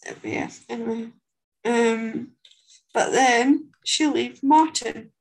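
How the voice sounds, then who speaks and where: A woman's voice: on the high side, takes it slowly, gravelly, rough recording. A woman co-hosting a podcast, chatting casually with wry, offhand asides. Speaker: podcast co-host. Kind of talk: casual chat.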